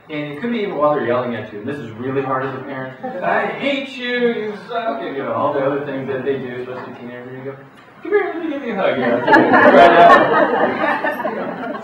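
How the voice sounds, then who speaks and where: Middle-aged guy giving a laid-back parent talk, lots of restarts, big echoey hall, kinda far off and muffled. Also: mid-range voice. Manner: relaxed, folksy, many restarts and quoted asides. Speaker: psychologist speaking to parents. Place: school hall or auditorium. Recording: echoey hall, voice far from mic, dull sound, noisy.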